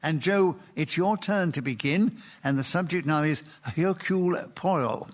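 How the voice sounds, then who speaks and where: A man chairing a radio panel game, making brisk, jokey rulings and keeping time. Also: on the high side. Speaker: quiz show chairman.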